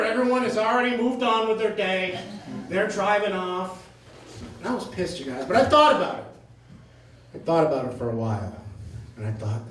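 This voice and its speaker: A male stand-up comedian with a high voice tells his stories with lively energy and often laughs partway through a line. He sounds as if he was recorded from a distance in an echoey club, with a faint hiss underneath. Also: moderate pace. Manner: animated storytelling, often laughing mid-line. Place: comedy club stage before a live audience. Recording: roomy club sound caught from afar.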